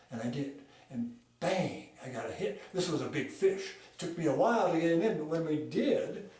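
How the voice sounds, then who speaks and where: A man telling a tall fishing tale at a speaking club, folksy, with lively shifts in pace and volume. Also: a little high. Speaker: storyteller. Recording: echoey room, mic far off.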